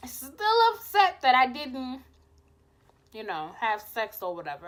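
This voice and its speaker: A young woman vlogger telling a casual storytime, animated and profane, acting out her own lines. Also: high-pitched, moderate pace.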